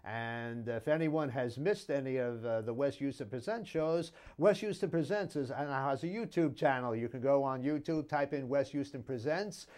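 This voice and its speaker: A man hosting a relaxed interview show at an ordinary pitch. He talks in a loose, rambling way with plenty of fillers, and he keeps tossing in a friendly "buddy." The delivery is unscripted chat. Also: moderate pace, hardly any pauses. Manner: easygoing, rambling, keeps calling the guest buddy. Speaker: show host interviewing a musician.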